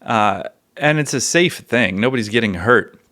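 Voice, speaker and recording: A man in his forties telling stories on a podcast in a casual way. His pitch sits in an ordinary middle range for a man. He gets animated and emphatic, and his voice rises into loud bursts when he makes a point. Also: moderate pace. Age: 40s. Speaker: podcast host.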